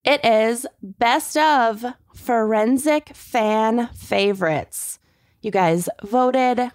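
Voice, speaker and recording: A woman's voice: on the high side, extremely slow, clean tone, dry recording, clean studio sound. A woman co-hosting a podcast, chatting enthusiastically with her friends. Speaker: podcast co-host. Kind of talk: casual chat.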